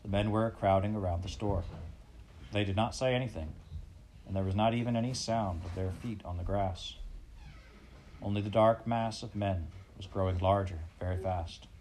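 A man narrating a storybook at a measured, even pace. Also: on the low side, a little hiss or hum. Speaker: audiobook narrator.

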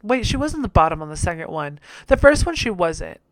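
A woman's voice: lowish voice, big pitch swings, a little fast, no room sound, clean studio sound. A young woman hosting a casual reaction video, chatty and profane, laughing often.

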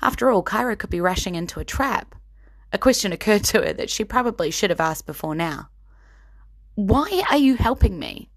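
A woman's voice: lowish voice, lively intonation, brisk. A woman narrating a fantasy story as game master in a tabletop game.

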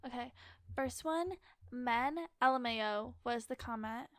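A woman's voice: fairly high pitch, measured pace, fairly bright tone, no echo, studio quality. A young woman co-hosting a podcast in casual chat, giggly and self-conscious, drawing out her phrases. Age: young adult. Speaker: podcast co-host.

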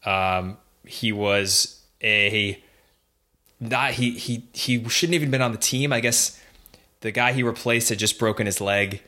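A man's voice: lowish voice, steady tone, measured pace, sharp tone. A man co-hosting a casual sports history podcast, chatty, reading facts aloud with fillers and restarts. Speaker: podcast co-host.

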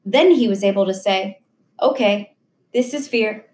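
A woman's voice: medium pitch, a little slow, darkish tone. Woman reading a memoir in an echoey room. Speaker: audiobook reader.

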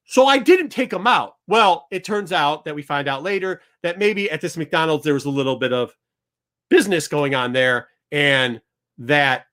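Animated man telling a story. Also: a little high, normal speed. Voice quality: animated, acts out both sides of the exchange. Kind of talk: storytelling to a studio crew.

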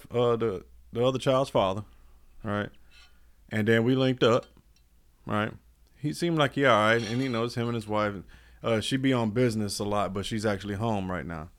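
An American man co-hosts a podcast in casual chat, telling stories in a relaxed, slang-heavy way. His voice is mid-range and moves at a normal speed.

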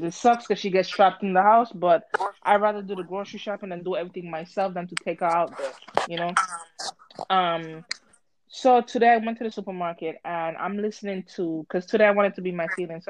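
A woman telling a story in casual chat, animated and swearing, acting out both sides with a voice she calls harsh. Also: on the low side, dry recording, poor audio. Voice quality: harsh-sounding voice.

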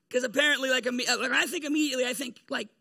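Very high-voiced man preaching a jokey sermon. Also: gravelly, pushed and bright, husky. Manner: jokey, chatty storytelling with frequent laughs. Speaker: pastor. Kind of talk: casual humorous sermon.

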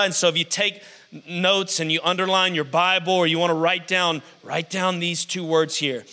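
A man preaching a lively call-and-response sermon, stretching out scripture words for emphasis. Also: high-pitched. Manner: energetic, drawn-out emphasis on scripture. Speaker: pastor. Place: church sanctuary. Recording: live sermon in a reverberant hall.

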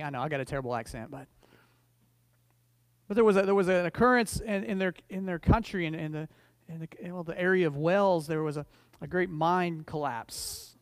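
A man's voice: high voice, a little fast, no echo. A middle-aged man preaching a sermon in a conversational, storytelling way, stumbling over restarts and building to emphatic declarations. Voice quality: frequent restarts and repeated words. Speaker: pastor.

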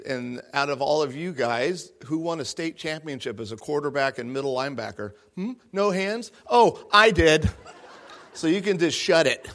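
A middle-aged man with a mid-range, fairly bright voice is a guest speaker in a large room before a live audience. He tells a self-mocking comic story and acts out the voices in it.

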